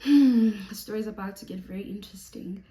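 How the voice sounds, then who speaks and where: A young woman with a South African accent tells a personal story to her viewers, animated and chatty. She drifts between Xhosa and English as she goes. Her voice is mellow, and the room around her is roomy and echoey. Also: medium pitch, a little fast. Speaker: YouTuber. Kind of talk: storytime vlog.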